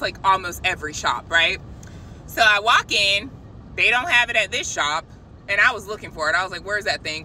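A woman telling a casual, animated faith testimony, chatting directly to her viewers. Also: medium pitch, a little hiss or hum, low-quality recording. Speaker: christian vlogger.

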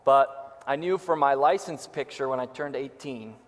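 A young male pastor delivers a casual, joking sermon in a church sanctuary. His voice is slightly hoarse from a recent illness. The sound carries a long church-hall reverb. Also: mid-range voice, normal speed. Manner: joking, self-deprecating.

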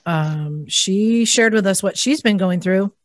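A woman's voice: medium pitch, unhurried. A woman co-hosting a casual podcast from a garage studio. She talks in an earnest, rambling way with many fillers. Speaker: podcast co-host.

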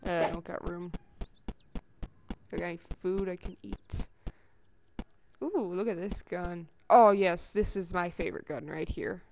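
A woman giving chatty let's-play commentary on a survival game, gasping at finds and breaking into squeaky sing-song calls. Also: unhurried, long pauses, a little mellow. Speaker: gameplay commentator.

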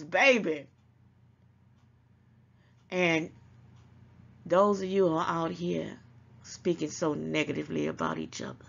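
A woman with a gravelly, fry-heavy voice gives casual, emphatic commentary straight to her viewers. She lectures a little as she talks and keeps calling them baby. The sound is dull and lo-fi. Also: mid-range voice, fairly bright tone. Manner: emphatic and preachy, calls listeners baby. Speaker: channel host.

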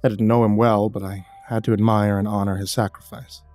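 Male horror storyteller, steady low-key narration over faint music. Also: brisk.

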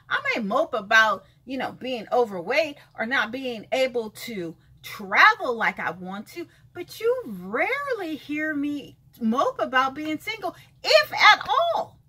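A woman talks straight to camera in a casual vlog, frank and emphatic, hammering points home by repeating them. Her voice sits high and swoops widely, with a bright edge and a husky grain underneath. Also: big pitch swings, measured pace. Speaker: vlogger.

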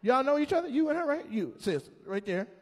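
A man doing live stand-up crowd work, teasing audience members in an animated way with loud bursts. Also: extremely high pitch, brisk. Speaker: stand-up comedian.

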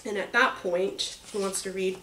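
A woman's voice: medium pitch, fairly even intonation, normal speed, distant mic. A woman leads a reading group and retells a story in a loose, chatty way, full of fillers and restarts. She sounds set back from the mic in a roomy space with a faint hiss behind her.

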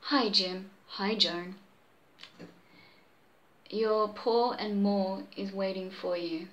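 A laconic country man sitting on a gate, turning strangers away, voiced by a woman reader. Plain middle pitch, amateur pulp story reading. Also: steady tone, slow pace, reverberant, dull audio, lightly acted. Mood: drawling.

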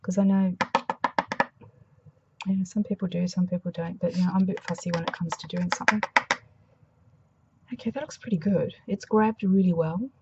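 A woman with an Australian accent, slightly hoarse after a flu, demonstrating a craft project in a soft, mumbling, thinking-aloud way. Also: fairly low pitch, fairly even intonation, moderate pace, long pauses, highs cut off, heavy background noise. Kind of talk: casual craft tutorial.

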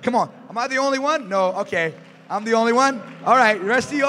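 Bright high-voiced male preacher. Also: fast talker, a little hiss or hum. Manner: animated, calls out to the congregation. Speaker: pastor. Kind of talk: sermon. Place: church sanctuary. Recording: reverberant church hall, faint music.

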